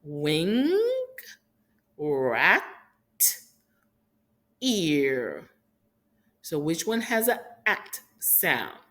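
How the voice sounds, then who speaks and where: A woman's voice: low-pitched, very animated, very slow, long pauses, fairly bright tone. A woman from Haiti teaching rhyming sounds to young children in an encouraging, sing-song teacher manner. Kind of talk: phonics lesson for young children.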